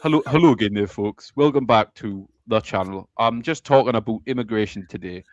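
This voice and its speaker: A man's voice: on the low side, a little fast, no echo, muffled recording, lightly acted. A man putting on an exaggerated regional voice to mimic an online commentator greeting his channel, in a self-mocking way. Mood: mock-cheery.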